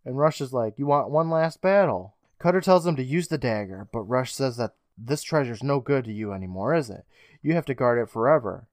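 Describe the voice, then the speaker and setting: A man's voice: medium pitch, lively intonation, brisk, dry recording, studio quality. A young adult man co-hosting a podcast, recapping a TV episode in a wry, profane, casual way. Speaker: podcast co-host.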